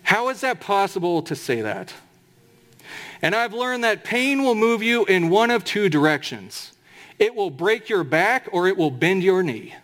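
Man, pastor, sermon, high voice, emphatic, drawn-out quotes. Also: sing-song, fairly bright tone. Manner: emphatic preaching with slowed, drawn-out scripture quotes.

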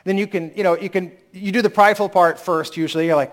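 A man's voice: sits high, fairly even intonation, fast talker, few pauses. A man preaching a sermon in a candid, conversational way, recovering from a lingering cold. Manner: candid, conversational preaching with sudden emphatic rises. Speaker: pastor.

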